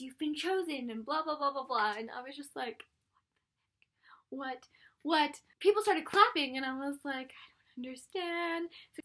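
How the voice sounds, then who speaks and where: A young woman vlogger telling a story in a casual, animated way, acting out what people said. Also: sits high. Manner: animated, breathless retelling with quoted voices and laughs.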